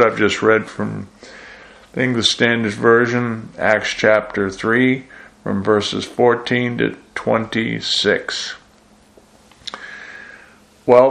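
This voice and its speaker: A man preaching a sermon, reading scripture aloud and then explaining it in a measured way with gentle self-deprecating asides. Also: lowish voice, vocal fry.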